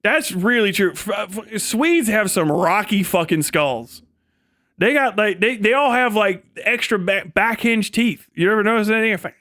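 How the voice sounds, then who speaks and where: A man's voice: sits high, animated, a little slow, pushed and bright, no room sound, clean studio sound. A male streamer on a rambling, profane comedic rant, often breaking into laughter.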